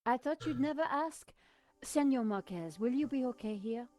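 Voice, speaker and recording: A woman's voice: fairly high pitch, animated, moderate pace, mellow, natural voice. An actress doing a cool French woman investigator. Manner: cool, direct, polite.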